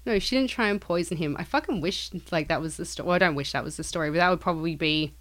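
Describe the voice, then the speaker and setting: A woman's voice: fairly low pitch, fast. Profane storytelling woman. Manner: profane, animated retelling with acted quotes. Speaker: podcast co-host. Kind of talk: casual storytelling chat.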